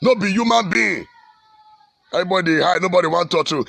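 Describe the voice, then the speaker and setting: A man's voice: high-pitched, a little fast, vocal fry, long pauses, fairly bright tone, no room sound. A man with a Nigerian accent, a pastor delivering fiery, repetitive exhortation on the state of his country. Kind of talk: impassioned social commentary.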